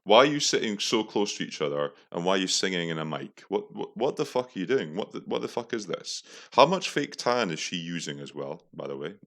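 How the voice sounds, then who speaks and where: A man's voice: low-pitched, big pitch swings, fairly quick, hardly any pauses, a bit bright. A young man hosting a podcast, reacting to adverts in a profane, incredulous, mocking way. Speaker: podcast host. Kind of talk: casual commentary.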